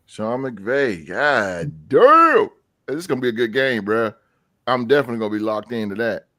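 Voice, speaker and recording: A man hosting a casual sports podcast, animated and slangy, often breaking into laughter. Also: mid-range voice, brisk, no echo, clean studio sound. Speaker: podcast host.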